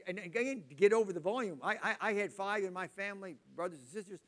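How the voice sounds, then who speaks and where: Older guy in his 60s preaching, pretty high voice, loud and lively storytelling. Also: fast. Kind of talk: sermon with personal stories.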